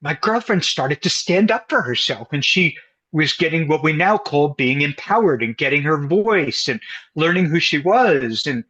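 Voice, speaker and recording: An American couples counselor, appearing as a guest in an interview, tells a story with animation and acts out the voices of the people in it. His voice is on the high side at a normal speed, and the recording sounds muffled.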